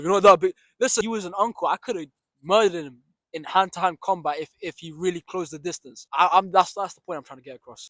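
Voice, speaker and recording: Speaking fast in a bright, slightly high voice, a young man tells a lively storytime monologue for his vlog, cursing openly and replaying moments with shouted reenactments and side comments. The sound has no echo.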